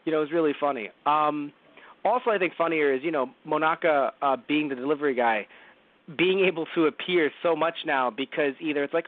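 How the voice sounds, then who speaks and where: A man on a podcast, chatting loosely about a cartoon and tossing in quick impressions of its characters as he goes. His voice sits a touch high. The sound is dry and narrow, as if heard over a phone line. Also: no room sound. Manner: rambling, acts out characters in quick asides. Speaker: podcast co-host. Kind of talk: casual anime review chat.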